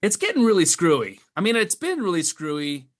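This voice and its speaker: Here the puppet maker's voice runs high-pitched and a little fast. The middle-aged man is a guest on a laid-back podcast, spinning tales in an animated, exasperated manner.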